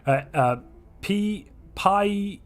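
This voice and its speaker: A hoarse man hosts a strategy game livestream, making playful, theatrical royal pronouncements. His voice sits a little high. Faint music plays underneath. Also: lively intonation, very slow. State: hoarse from a chest infection. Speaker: streamer host.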